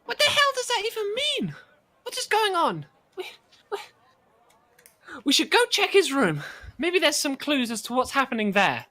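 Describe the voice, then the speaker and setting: A nervous, timid companion, voiced by a man, frets in a thin, high, anxious voice. The pitch sits far above a normal speaking voice, and it sounds bright. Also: wildly swooping pitch, normal speed, long pauses, heavily acted. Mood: fearful. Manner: anxious questioning. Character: frightened timid companion, quiet and shaky.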